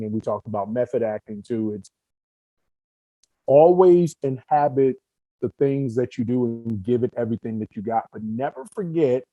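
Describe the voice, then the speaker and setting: Brief: young male actor guest, lively storytelling chat, mid-pitched, dry close mic. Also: no echo, highs cut off. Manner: animated, talkative storyteller. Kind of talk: casual podcast chat.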